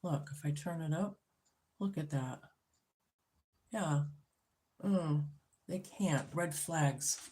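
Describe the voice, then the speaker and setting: Blunt, profane woman reading tarot slowly. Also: low-pitched, a little mellow. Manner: blunt and profane, swears freely; talks to herself while laying cards. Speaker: tarot reader. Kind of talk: casual tarot reading vlog.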